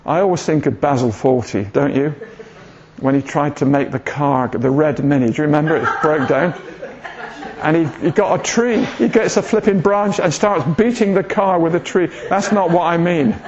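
In a dull, lo-fi church recording, a man from southern England preaches informally, chatting, joking and often quizzing the congregation. He speaks at normal speed with a somewhat high, darkish voice.

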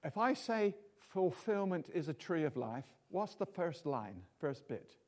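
A man's voice: a little high, very animated, measured pace, darkish tone. A man preaching an informal sermon in a chatty, jokey way, full of tag questions.

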